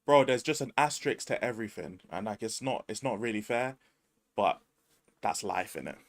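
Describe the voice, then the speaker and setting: A man's voice: fairly low pitch, lively intonation, normal speed, dry recording. A man with a London accent hosting a casual livestream chat, laid-back and slangy, swearing often. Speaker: streamer host.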